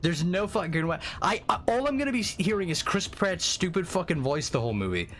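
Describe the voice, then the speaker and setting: A man streaming a game, chatting casually with viewers in an excitable, profane, rambling way. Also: sits high, fast. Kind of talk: casual live-stream chat. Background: faint music.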